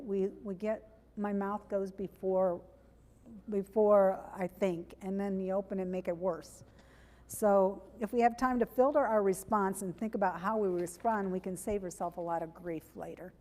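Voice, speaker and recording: A woman's voice: medium pitch, dark tone. A woman giving a sermon in a conversational, plainspoken way, often correcting herself mid-sentence. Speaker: preacher. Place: church sanctuary. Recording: long church reverb.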